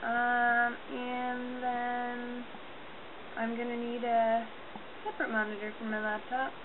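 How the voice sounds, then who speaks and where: A young woman talks casually to her camera at home, taking her time. Her voice sits a little high, and the sound is thin and phone-like with a steady electrical hum behind it. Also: takes it slowly. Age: young adult. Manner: chatty, coos to her dog in a high voice. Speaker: vlogger. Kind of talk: casual chat. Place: home room. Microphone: laptop webcam mic. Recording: tinny lo-fi webcam audio with hum.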